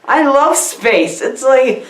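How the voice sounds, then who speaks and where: A woman's voice: sits high, lively intonation, slow pace. A woman giving a rambling, dim-witted comic movie review, giggling as she meanders and acts out the characters. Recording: echoey room.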